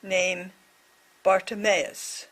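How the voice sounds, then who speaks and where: A woman voicing a deaf presenter's signed reflection on a scripture story, speaking in short, measured phrases. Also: mid-range voice, little pitch movement, fairly bright tone.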